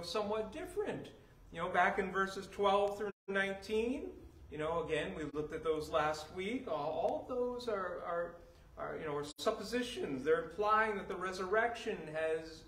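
A man's voice: sits high, expressive, normal speed, fairly bright tone, reverberant, rough recording. A man preaching a sermon as pastor, talking through scripture in a loose, conversational way full of "you know" and "uh", then swelling into emphatic declarations. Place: church sanctuary.

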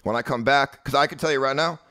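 A man's voice: medium pitch, fast, bright, forceful tone. A young man live streaming, ranting at his chat in a profane, agitated, repetitive way. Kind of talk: livestream rant at chat.

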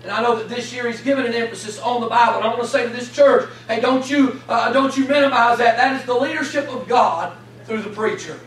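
A man preaching a revival sermon, fervent and building to shouts, leading call-and-response with the congregation. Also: extremely high pitch, brisk. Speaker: guest preacher. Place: large church sanctuary. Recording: echoey sanctuary, distant mic.

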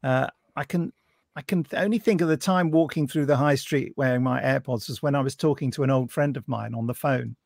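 This man hosts a podcast in a wry, joking way, reading listener emails aloud and cutting in with asides. His voice is mid-pitched. It sounds dry and close, with no room echo. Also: brisk, vocal fry, a little mellow. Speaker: podcast host.

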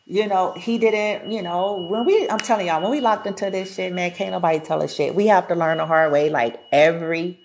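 A woman with a slightly low voice talks straight to her viewers in a loose spiritual chat. She is blunt and chatty and swears without holding back. She often circles back and repeats herself as she works out her point. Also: fairly quick, few pauses, a little mellow, slight background noise. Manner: repeats and restarts while thinking aloud. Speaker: spiritual reader. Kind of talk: casual spiritual talk to viewers.

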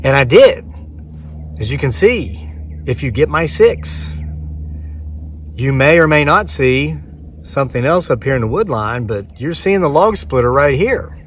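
A man's voice: medium pitch, very animated, measured pace, long pauses, recorded from a distance, slight background noise. A man in his forties, a homesteading vlogger, retelling a story to camera outdoors and acting out both sides of the dialogue. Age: 40s.

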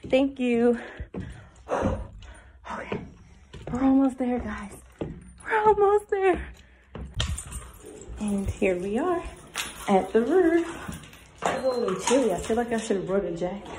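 Chatty young woman vlogging, slow-paced. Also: fairly high pitch, noisy background. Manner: chatty, excitable, talks straight to viewers. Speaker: lifestyle vlogger. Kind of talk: casual vlog tour. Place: outdoors, rooftop and parking area.

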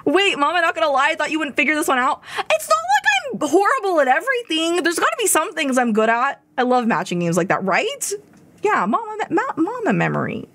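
A woman's voice: high-pitched, very animated, fairly quick, a bit bright, a little hiss or hum. A young woman casually chatting and muttering to herself as she plays a video game on a live stream, often repeating words under her breath and giggling. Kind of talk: casual live gameplay chat.

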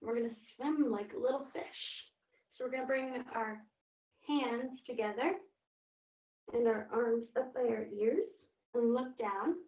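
Slow, gentle woman leading toddler yoga. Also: on the high side. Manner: gentle, encouraging, sing-song cues. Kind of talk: guiding a parent-child yoga class. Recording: distant, roomy, phone-like sound.

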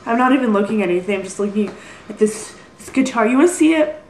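Young woman, highish voice, rambling and apologetic, home vlog in an echoey room. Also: expressive, fast talker, a little mellow, slight background noise. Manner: rambling, apologetic, self-deprecating. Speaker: vlogger. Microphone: built-in computer mic.

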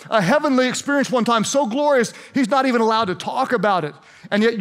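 Brief: male preacher, high-pitched, chatty and sarcastic, stammers out repeated words. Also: fairly bright tone, smooth. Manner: conversational, sarcastic, repeats words while speaking. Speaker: pastor. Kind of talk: sermon.

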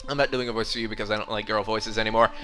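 A young Australian man giving goofy, excitable commentary while playing a video game. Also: on the low side, very fast, over music. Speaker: let's play gamer.

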